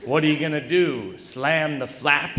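A man telling a personal story to a live audience with a rambling, self-deprecating delivery full of halting restarts. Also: on the high side, sharp tone. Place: stage in a large hall. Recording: echoey live hall recording.

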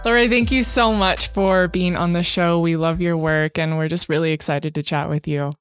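A woman's voice: on the low side, fairly even intonation, normal speed, soft background music. A woman co-hosting a podcast in playful casual chat, reading sponsor notes and interviewing a guest. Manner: playful, giggly banter. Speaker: podcast co-host.

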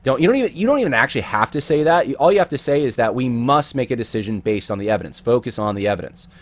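Man, mid pitch, earnest commentator thinking out loud, restarts lines. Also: expressive, very fast. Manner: earnest, repeats words while thinking. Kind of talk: casual video commentary.

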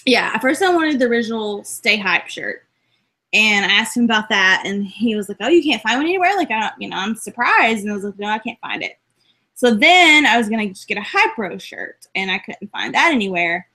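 A woman co-hosting a casual chat podcast, talking in an excited, rambling way and laughing often. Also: mid-range voice, a little fast. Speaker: podcast co-host.

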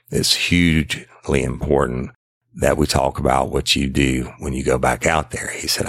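Very deep gravelly man. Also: no echo, studio quality. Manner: rambling, repeats "I said", quotes others plainly. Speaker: former detective telling a case story. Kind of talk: casual first-person storytelling.

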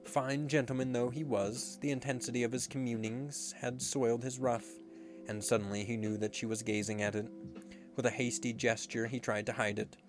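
A man reading a storybook aloud in a measured, expressive way. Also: medium pitch, music in the background. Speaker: narrator.

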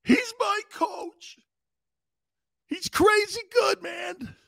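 A man putting on a sobbing, overwrought male football star who wails and shouts, away from the microphone. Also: very high voice, drawn-out words, vocal fry, no echo, clean studio sound, pitched above the performer's own voice, exaggerated voice. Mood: sobbing, wailing. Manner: tearful wailing, shouted.

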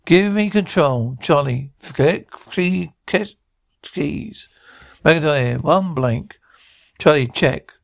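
A man's voice: a little high, lively intonation, takes it slowly, vocal fry, dry recording. A man reading a science fiction radio script aloud, names and stage directions included, with frequent stumbles. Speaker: reader.

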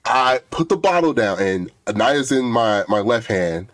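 A man's voice: medium pitch, lively intonation, unhurried, no room sound. A young man on a podcast telling a story in casual chat, rambling and often restarting. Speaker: podcast co-host, producer.

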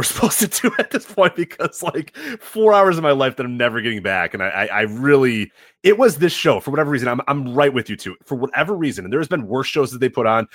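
A man talks quickly as a podcast co-host, his pitch swinging up and down as he rambles through animated stories. The recording is dry and close, with no room sound. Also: no echo. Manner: animated, rambling storytelling with many fillers. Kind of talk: casual podcast chat.

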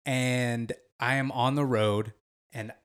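A man with a mid-pitched, everyday voice tells a loose, slangy story. He talks casually and laughs often along the way. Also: fairly even intonation, slow, a bit bright, clean tone. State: driving while talking. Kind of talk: casual chat.

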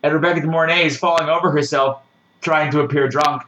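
A man giving a casual, sarcastic movie review, ranting with animated swings and mocking voices. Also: a little high, fast talker, rough recording.

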